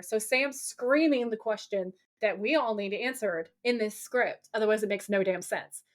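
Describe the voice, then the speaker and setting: A woman co-hosting a casual podcast, recapping a TV episode in an animated, profane way and dropping into a gruff low voice for quoted lines. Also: a little slow. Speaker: podcast co-host.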